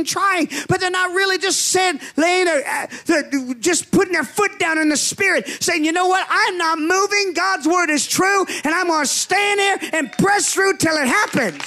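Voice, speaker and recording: A man preaching a charismatic sermon as pastor, fervent, with shouted declarations and drawn-out emphasis. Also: extremely high pitch. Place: church sanctuary.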